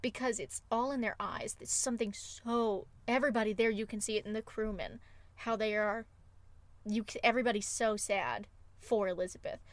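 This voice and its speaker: A woman's voice: medium pitch, fairly even intonation, moderate pace, no room sound. A woman co-hosting a podcast, retelling film scenes with emotive enthusiasm in casual chat. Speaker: podcast co-host.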